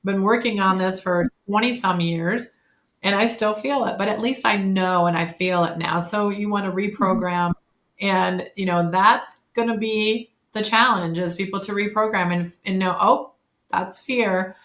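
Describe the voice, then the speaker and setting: A woman in her fifties talking as a podcast guest, candid and chatty, often pausing on fillers and correcting herself mid-sentence. Her voice sits in a middle pitch and is recorded in a noticeably echoey room. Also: fairly bright tone. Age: 50s. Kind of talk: casual conversational interview.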